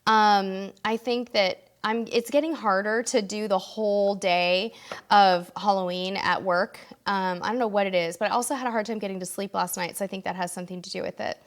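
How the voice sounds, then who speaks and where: A woman's voice: medium pitch, steady tone, normal speed. A woman hosting a casual live question-and-answer stream, reading viewer comments aloud and answering them, tired and losing her voice.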